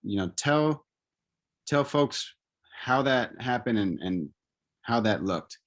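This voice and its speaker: A man's voice: mid-range voice, animated, slow pace. Male interview host, affirming and conversational, lots of murmured agreement. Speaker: podcast host.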